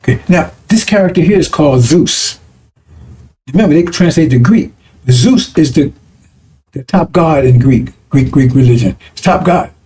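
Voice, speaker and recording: A male preacher teaches his congregation in a loose, conversational way. His voice sits a little high and has a dark, mellow tone, and he keeps stopping to check that his listeners follow him. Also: animated, normal speed. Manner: conversational, repeats 'right?' and 'see?' to check listeners. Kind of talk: broadcast sermon teaching.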